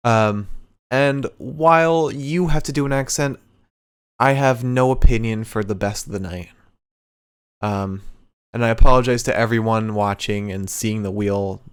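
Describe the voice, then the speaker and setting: A man's voice: medium pitch, a little slow, clear, resonant tone. A young man hosting a live podcast, joking loosely, laughing easily and talking to his chat. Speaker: podcast host. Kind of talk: casual livestream podcast hosting.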